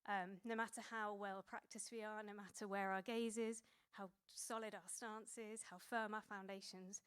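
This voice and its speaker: A woman's voice: mid-range voice, little pitch movement, moderate pace, clean tone. A woman in her thirties preaching a sermon in a conversational way, with many fillers and restarts.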